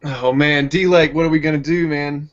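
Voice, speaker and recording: A man's voice: fairly high pitch, steady tone, moderate pace, dull audio. A man playing along as a contestant in a casual online game show, laid-back and saying "man" a lot. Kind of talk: casual chat.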